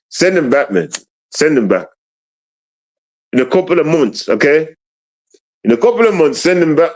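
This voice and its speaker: A man rants on a livestream. He talks in street slang, says most lines twice and pushes his point hard. His voice sits a little high. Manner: repetitive, confrontational street slang. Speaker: streamer. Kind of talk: casual ranting livestream.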